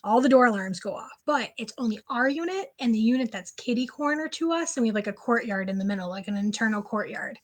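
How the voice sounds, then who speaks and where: Talking fast with few pauses in a slightly high voice, a woman being interviewed on a podcast shares a personal story. She's animated and casual, peppering her speech with "like."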